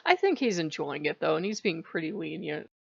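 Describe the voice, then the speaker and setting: A woman's voice: deep voice, big pitch swings, fairly quick, gravelly, slightly rough, dry recording, highs cut off. A woman talking in a casual, wry, chatty vlog monologue about her spiritual life, laughing often. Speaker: spiritual vlogger.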